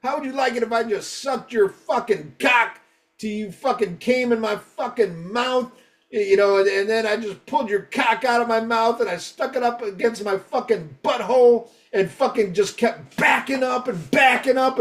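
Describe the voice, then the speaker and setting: A man's voice: high-pitched, steady tone, fairly quick, hardly any pauses, a little mellow, far from the mic, pitched above the performer's own voice, close to an everyday voice. A man voicing an angry, foul-mouthed male metal fan troll, ranting crudely and making threats.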